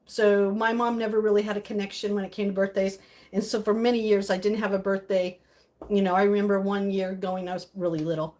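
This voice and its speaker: A middle-aged woman live streaming in casual chat, reading and reacting to viewer comments, emotional and quick to laugh. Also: mid-range voice, level tone, a little mellow.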